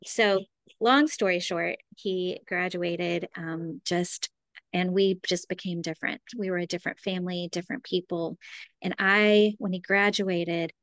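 Middle-aged woman, conversational storyteller, slightly low voice, dry close sound, animated when quoting people. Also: measured pace, dry recording. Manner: animated, acts out quoted voices. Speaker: educator guest.

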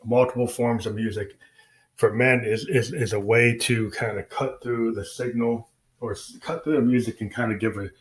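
A man who is a musician, talking casually and rambling about his music with many fillers and restarts. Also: on the low side. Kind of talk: casual spoken explanation.

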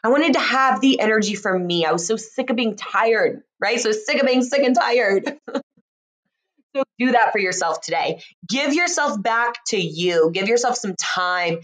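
Woman, coach, heartfelt motivational talk, chatty, slightly high pitch. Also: expressive, normal speed, a bit bright. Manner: earnest, heartfelt, chatty with laughs. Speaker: life and relationship coach. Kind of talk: morning motivational talk to camera.

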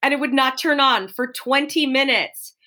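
A woman's voice: high voice, moderate pace. A woman who teaches spin classes, chatting casually and telling a story with lots of acted-out quotes. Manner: animated storyteller, acts out quoted voices. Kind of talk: casual podcast chat.

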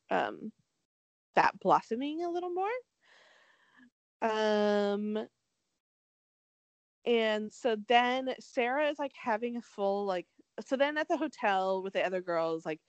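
Young woman with a very animated voice. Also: medium pitch, no room sound, highs cut off. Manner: chatty, heavy use of "like", swearing, sarcastic. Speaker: podcast co-host. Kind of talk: casual recap chat.

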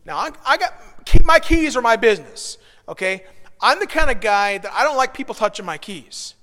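Male pastor, 30s, high-pitched and bright, lively self-deprecating storyteller, long hall reverb. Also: normal speed. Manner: animated, self-deprecating storyteller who builds to shouts. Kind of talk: sermon with personal storytelling.

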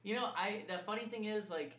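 A man's voice: high voice, brisk, pushed and bright. A man co-hosting a podcast in casual chat, bantering crudely and laughing often, recorded in an echoey room. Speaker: podcast co-host.

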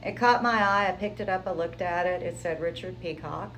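Animated woman telling her story. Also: fairly low pitch, a little fast, a little hiss or hum, low-quality recording. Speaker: guest sharing testimony. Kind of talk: personal testimony in interview.

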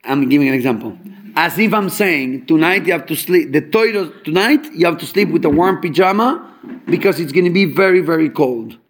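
A man giving an animated Torah talk at a fabrengen, explaining with homely examples and mixing English with Hebrew and Yiddish terms. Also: a little high, brisk. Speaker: Torah teacher. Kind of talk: fabrengen talk on Chassidic teachings.

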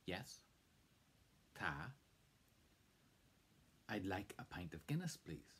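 Man, low voice, husky, casual teacher, talks straight to camera. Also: very animated, slow, pauses often, a bit bright. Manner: chatty, informal, coaching the listener. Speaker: language teacher. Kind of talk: casual spoken lesson. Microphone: close mic to camera.

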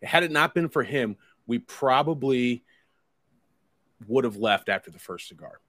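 Expressive and a bit bright, a medium-pitched man speaks at a measured pace in a dry recording. He tells a long, rambling anecdote casually, swearing freely, wry about it all, and quoting dialogue along the way.

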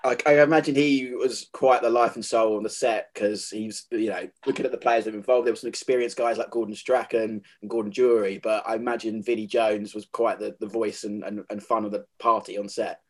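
A man's voice: lowish voice, fairly even intonation, brisk, hardly any pauses. A man hosting an interview, asking long, friendly, rambling questions. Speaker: interviewer, host. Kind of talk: conversational interview.

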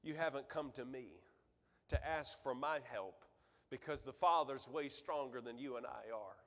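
Fervent preacher in a church hall. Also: male voice, medium pitch, normal speed. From Michigan, USA. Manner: fervent preaching that swings from loud exhortation to quiet storytelling. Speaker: guest preacher. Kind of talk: sermon. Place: church sanctuary.

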